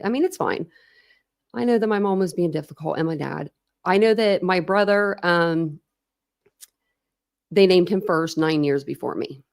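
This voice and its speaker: A woman's voice: lowish voice, lively intonation, normal speed, gravelly, long pauses. A woman in her thirties hosting a true crime livestream, chatting casually, laughing and greeting viewers by name.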